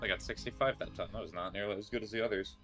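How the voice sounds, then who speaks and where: Young guy rambling while he plays, jokey, laughs a lot, kinda low but bright, faint music behind. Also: very fast. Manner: chatty, playful, laughs often. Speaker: gaming streamer. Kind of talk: casual gameplay commentary.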